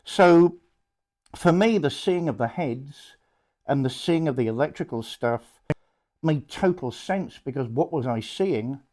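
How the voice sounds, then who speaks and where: A man's voice: medium pitch, lively intonation, a little slow, a little mellow. A man, a priest, gives an informal public talk to a small audience, conversational and blunt, full of rhetorical questions and asides.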